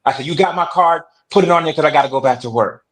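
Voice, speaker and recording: A man, a guest telling a lively story on a casual talk show and acting out the voices in it. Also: a little high, fast talker, rough recording.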